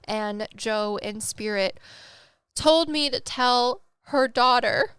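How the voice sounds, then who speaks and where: A woman's voice: on the high side, slow, fairly bright tone, clean tone, no room sound, studio quality. A woman recounting a psychic reading in a chatty, emotional way, laughing and tearing up as she talks. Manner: chatty, gets emotional and laughs through tears. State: tearful at times. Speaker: medium telling stories. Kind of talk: casual storytelling chat.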